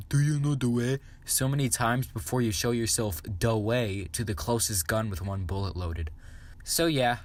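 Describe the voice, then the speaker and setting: Crude sarcastic young man reviewing memes. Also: fairly low pitch. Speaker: meme commentary YouTuber. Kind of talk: comedic meme review.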